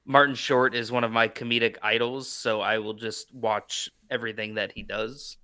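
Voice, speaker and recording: Bright-voiced man rambling on tangents. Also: mid-range voice, steady tone, normal speed. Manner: rambling, filler-heavy storytelling. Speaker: podcast co-host. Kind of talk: casual roundtable chat.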